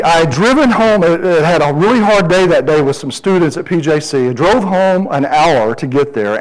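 This low-quality recording captures a middle-aged pastor preaching. He tells a personal story with lively energy, raising his voice high each time he quotes himself.

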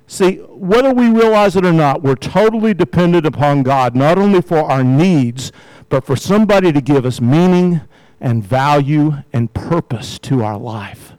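A man's voice: fairly high pitch, expressive, moderate pace, a little mellow, no room sound, low-quality recording. An older man preaching a casual, conversational sermon to his church, peppering his points with "you know" and "right?" and light chuckles. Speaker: pastor.

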